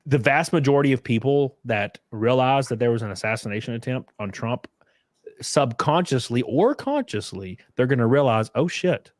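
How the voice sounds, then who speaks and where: A man's voice: dry recording, studio quality. A young man hosting a casual political livestream, loose and profane, mocking the things he reads out. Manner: loose, profane, mocking, acts out quotes with big pitch jumps. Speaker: livestream host.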